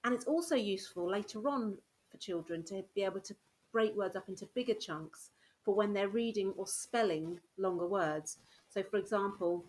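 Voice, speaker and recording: Woman, primary teacher, patient clear explanation, sounds out words, mid-pitched voice. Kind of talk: instructional explanation for parents.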